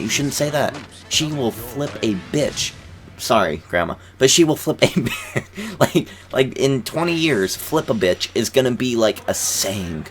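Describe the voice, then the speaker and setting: A man in his twenties rambling casually in commentary over a basketball video game, repeating words and chuckling. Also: on the low side. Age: 20s. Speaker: gaming YouTuber.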